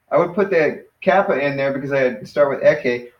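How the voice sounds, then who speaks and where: A man giving a relaxed, encouraging one-on-one Greek lesson, laughing easily and calling his student "man". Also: a little high, a little fast, hardly any pauses, reverberant, lo-fi sound, slight background noise. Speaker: Greek teacher. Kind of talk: casual one-on-one language lesson.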